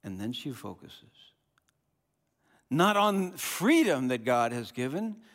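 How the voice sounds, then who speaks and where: A man preaching a sermon as pastor, animated and conversational, often restarting and repeating words. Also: medium pitch, slow. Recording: long hall reverb.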